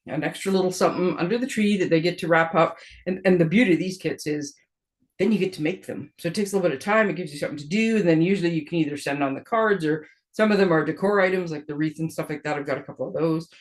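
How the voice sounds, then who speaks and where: A woman's voice: fairly low pitch, expressive, quick pace, darkish tone. Chatty woman crafting host, rambling. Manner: chatty and rambling, with frequent restarts and laughs. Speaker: paper crafting demonstrator. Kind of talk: casual chat.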